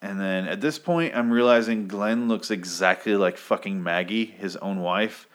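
A man casually recapping a comic, rambling and swearing, and breaking into animated quotes of the characters. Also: on the low side, moderate pace. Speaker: comic book reviewer.

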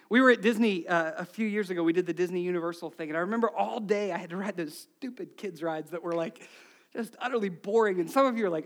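High-voiced preacher, hushed to shouting. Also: male voice, fast talker. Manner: animated storytelling, swings from hushed to shouting. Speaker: pastor. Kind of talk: sermon.

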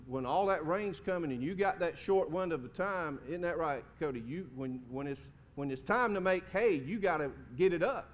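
A man's voice: animated, normal speed, hardly any pauses, dull audio. Folksy male pastor preaching. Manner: folksy, conversational preaching with questions to the congregation. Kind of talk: sermon. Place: church sanctuary. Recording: reverberant hall with faint rumble.

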